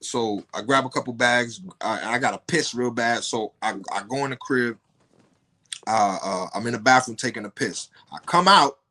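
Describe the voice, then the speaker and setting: A man, a podcast guest telling a story bluntly and profanely, his voice jumping high in outbursts. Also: moderate pace, pushed and bright.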